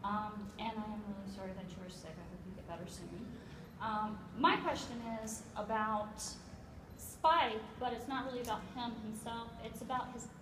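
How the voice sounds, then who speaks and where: A woman's voice: mid-range voice, normal speed. A woman fan asking an actor a question at a convention panel, eager and gushing. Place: large convention hall. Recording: echoey hall, distant mic, crowd noise.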